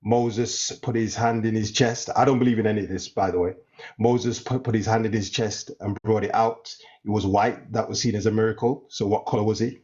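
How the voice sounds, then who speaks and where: A man in his thirties calling into a debate, explaining in a measured way. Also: lowish voice, steady tone, darkish tone, muffled recording. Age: 30s. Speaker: caller.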